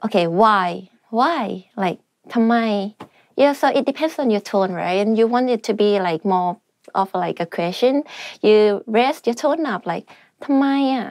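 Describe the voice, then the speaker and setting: Chatty, fast-talking woman. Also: a little high, expressive, dry recording, clean studio sound. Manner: chatty, lots of fillers, laughs often. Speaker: language teacher. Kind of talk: casual spoken language lesson.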